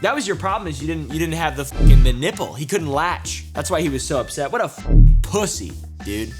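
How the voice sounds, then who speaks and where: A man's voice: a little high, expressive, fast, music in the background. Blunt, profane male reaction host. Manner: blunt, profane and sarcastic ranting. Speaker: online reaction video host. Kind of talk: comedic reaction commentary.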